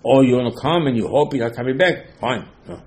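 A man giving a religious lecture, his voice set at an ordinary middle pitch. He drives each point home by repeating it, jumping from quiet asides to loud insistence. His English phrasing is slightly non-native. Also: animated, brisk. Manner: emphatic, repeats key points, swings between loud and soft. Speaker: rabbi giving a Torah lesson.

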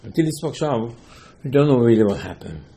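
Animated man teaching Torah. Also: medium pitch, fast. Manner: animated, acts out dialogue in rhetorical questions; mixes Hebrew terms into English. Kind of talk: Torah lesson on the weekly portion.

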